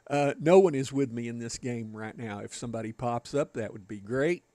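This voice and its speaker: A man's voice: medium pitch, a little fast, dark tone, dry recording. A man with a Southern American accent, rambling folksily to his live chat while playing a game. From Southern United States. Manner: folksy, rambling, chatting with viewers. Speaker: game streamer.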